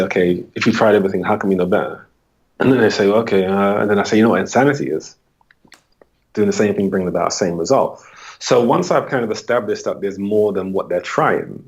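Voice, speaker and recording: A man's voice: a little mellow, husky. A man from the UK, a holistic coach, answering interview questions and acting out his talks with clients. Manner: acts out client dialogue with rising pitch.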